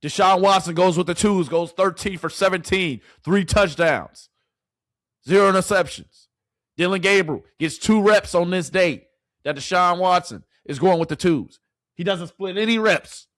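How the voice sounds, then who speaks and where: A man's voice: sits high, moderate pace, fairly bright tone, dry recording, clean studio sound. A man ranting to his live chat as a sports commentator, repeating rhetorical questions in exasperation.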